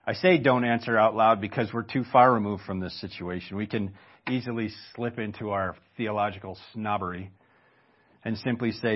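A man's voice: fairly low pitch, moderate pace, lo-fi sound. A man preaching a sermon in a conversational way, stopping for rhetorical questions and asides. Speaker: pastor.

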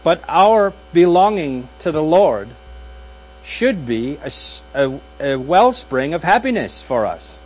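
A man's voice: fairly high pitch, very animated, slow pace, breathy edge. A man preaching a sermon as pastor in a conversational, wry manner with dry jokes. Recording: dull audio with faint mains hum.

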